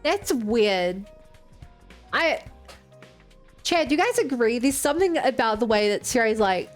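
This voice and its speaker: Woman streamer, game commentary, higher voice, soft music bed. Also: sing-song, unhurried, pauses often. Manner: thinking aloud, musing, many "like"s.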